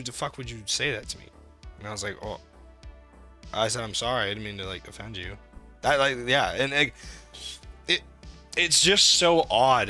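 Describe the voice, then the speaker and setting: Bright, animated young man telling stories. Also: lowish voice. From New England. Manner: animated storytelling, heavy swearing. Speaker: podcast co-host. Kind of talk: casual chat.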